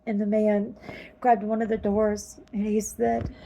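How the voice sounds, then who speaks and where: A woman earnestly retelling a vivid dream in a slow, halting way, close to tears at times. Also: mid-range voice, level tone, gravelly, mellow, a little hiss or hum, rough recording. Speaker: vlogger telling a dream. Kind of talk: personal storytelling.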